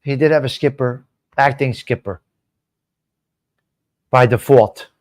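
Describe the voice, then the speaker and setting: A man's voice: medium pitch, slow. A man hosting a live stream show, chatting casually and answering viewer comments by name in a rambling, swearing way.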